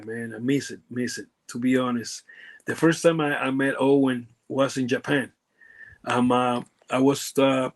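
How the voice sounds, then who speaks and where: A former pro wrestler from Puerto Rico, appearing as a guest, tells stories in a casual interview. His mid-range voice comes out halting, with many fillers, restarts and broken grammar.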